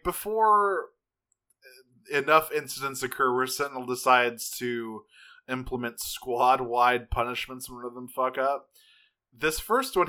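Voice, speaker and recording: Bright-voiced man recapping a cartoon. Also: mid-range voice. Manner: rambling, frequent fillers and restarts, laughs often. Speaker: podcast co-host. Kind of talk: casual chat recapping a cartoon.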